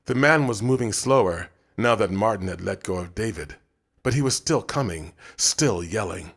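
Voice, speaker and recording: A man narrating an audiobook in a measured, subdued way. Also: lowish voice, animated, creaky, fairly bright tone. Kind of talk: scripted narration.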